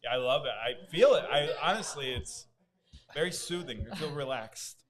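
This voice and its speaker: A man's voice: medium pitch, lively intonation, moderate pace, crowd noise. A man co-hosting a casual live talk show, throwing in teasing, joking asides. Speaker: co-host.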